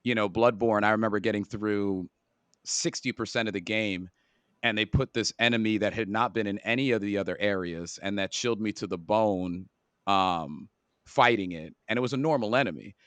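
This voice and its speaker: A man's voice: on the low side, moderate pace, fairly bright tone, clear, resonant tone, no echo. A man co-hosting a gaming podcast, talking casually in a rambling way and often stumbling over his words. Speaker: podcast co-host. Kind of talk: casual chat.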